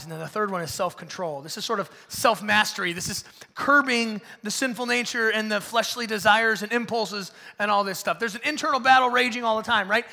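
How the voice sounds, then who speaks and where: A high-voiced man with a gravelly edge preaches in a church, bright and forceful in his delivery. He swings from loud bursts to hushed asides. His voice rings with a long hall reverb. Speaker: pastor. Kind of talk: conversational sermon.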